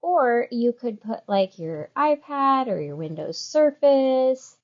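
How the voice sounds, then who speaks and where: A woman hosting a yarn shop's live show, chatting casually and walking through products with quick, rambling asides. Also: fairly high pitch, sing-song, darkish tone, dull audio. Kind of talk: casual chat with product demo.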